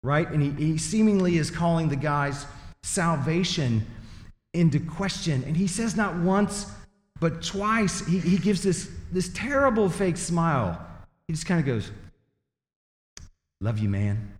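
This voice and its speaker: A man's voice: a little high, lively intonation, measured pace. A male pastor delivering a sermon to his church, speaking conversationally with dry, self-deprecating humor. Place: church sanctuary. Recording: echoey church hall.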